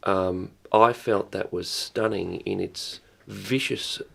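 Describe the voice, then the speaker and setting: An Australian man co-hosting a radio show, talking in a pompous, mock-solemn way that swings into excited heckling. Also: low-pitched, slow pace, vocal fry, slightly rough. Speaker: comedic guest co-host. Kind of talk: mock-serious comedic radio banter. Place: radio studio.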